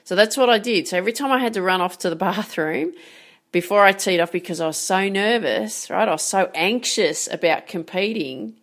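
A woman's voice: mid-range voice, brisk. A woman giving a motivational coaching talk about handling nerves, direct and emphatic, often asking rhetorical questions. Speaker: sports mindset coach.

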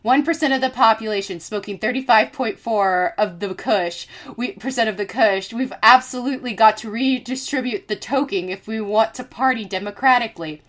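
A woman's voice: fairly high pitch, normal speed, hardly any pauses, a bit bright, lightly acted. A woman playing a boisterous older male politician with a Brooklyn accent, bellowing to a party crowd. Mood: lecturing. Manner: bellowing, rowdy.

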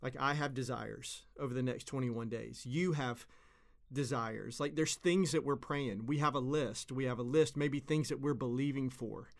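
Pastor, male, 30s, earnest and conversational, repeats phrases for emphasis, mid-pitched. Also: moderate pace, vocal fry. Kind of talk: devotional sermon.

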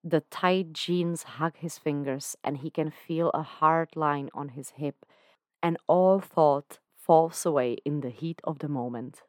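A woman reading fan fiction aloud on a podcast, in a calm, measured narration. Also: sits low, dry recording, studio quality. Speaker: podcast fanfiction reader.

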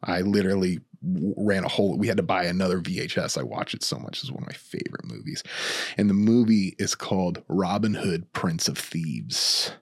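A man co-hosting a podcast in loose, joking chat with a low voice. His voice has a gravelly edge, and the sound is dry and close. He laughs often and slips into goofy impressions. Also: a little fast, no room sound. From United States. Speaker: podcast co-host. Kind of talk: casual chat.

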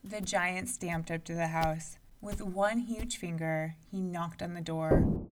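A woman narrating a storybook aloud in an expressive, measured way. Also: on the low side, distant mic, a little hiss or hum.

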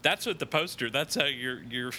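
A man's voice: medium pitch, normal speed, bright, forceful tone. A man hosting a podcast, chatting casually and teasing his guest with frequent laughs. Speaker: podcast host. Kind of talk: casual joking chat.

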